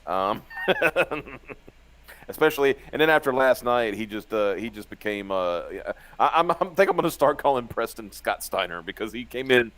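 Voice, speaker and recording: A man's voice: medium pitch, animated, moderate pace, fairly bright tone. A man co-hosting a casual live show, reading viewer comments aloud and laughing often between fillers. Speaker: podcast co-host.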